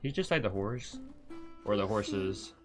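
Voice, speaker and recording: A man streaming a video game, reacting with excited, profane casual commentary. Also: lowish voice, unhurried, over music.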